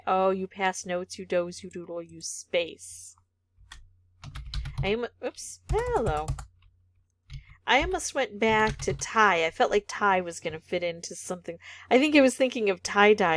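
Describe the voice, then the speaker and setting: A woman's voice: medium pitch, no echo. A woman vlogger thinking aloud as she solves a word puzzle, muttering candidate words, some half-whispered, and second-guessing herself.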